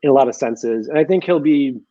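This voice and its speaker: A man's voice: mid-range voice, fairly quick, warm tone. Dull-sounding American man on a call. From United States. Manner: rambling, restarting sentences. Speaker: comedian guest. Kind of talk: casual chat on a video call. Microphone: video call.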